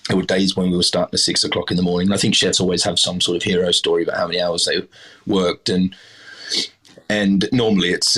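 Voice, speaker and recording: Low, husky and a touch bright, the voice belongs to a middle-aged Australian man. As a chef guesting on a podcast, he swaps stories in a relaxed interview, rambling through plenty of fillers and restarts. He's self-deprecating throughout.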